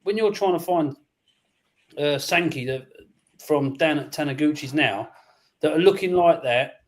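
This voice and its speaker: Man, slightly high voice, blunt, casual, auction talk. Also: measured pace. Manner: blunt, plain-spoken, crude jokes. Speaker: auction co-host.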